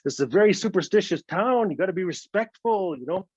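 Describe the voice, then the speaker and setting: A man from Northern Canada spins a comic tale with playful, chatty asides. His voice sits high for a man. The sound is dull and lo-fi, dry with no room around it. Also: expressive, quick pace, a little mellow, slightly rough, dry recording. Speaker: storyteller. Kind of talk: comic oral storytelling.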